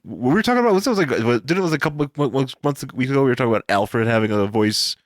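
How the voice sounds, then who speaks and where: A man co-hosting a podcast, rambling and restarting as he talks. His pitch is in the middle range. The recording is dry and close. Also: lively intonation, very fast, dry recording. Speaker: podcast co-host. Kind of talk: casual chat.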